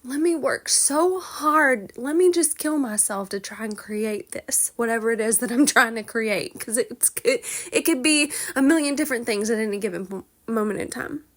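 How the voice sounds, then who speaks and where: A woman's voice: on the high side, normal speed, few pauses. A woman hosting her own podcast in a candid, confessional monologue, swearing freely and laughing between thoughts. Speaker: podcast host.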